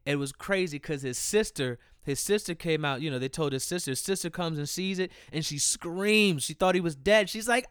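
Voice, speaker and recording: A man's voice: fairly high pitch, a bit bright, clean tone, dry recording, clean studio sound. A young man telling funny personal stories in a casual, slangy way, laughing often and repeating himself. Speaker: storyteller. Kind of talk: casual storytelling.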